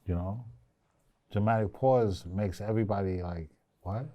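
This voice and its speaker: A man's voice: lowish voice, unhurried, highs cut off. A man coaching a young actress in a casual interview, playful and teasing, sometimes breaking into song. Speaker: acting coach.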